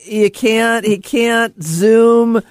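A man's voice: very high-pitched, fairly even intonation, extremely slow, no echo, studio quality. A man hosting a casual chat, talking in a rambling way with many ums and restarts. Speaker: host.

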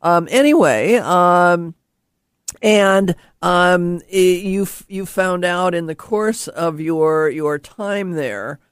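A man's voice: high-pitched, takes it slowly, clean tone, no echo, clean studio sound. A man hosting a casual chat, talking in a rambling way with many ums and restarts. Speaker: host.

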